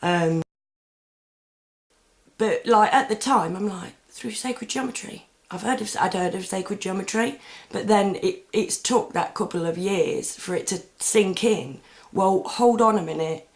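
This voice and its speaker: A woman's voice: medium pitch, measured pace. A woman talking casually to camera in a meandering, chatty way, full of ums and restarts. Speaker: vlogger. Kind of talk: casual rambling monologue.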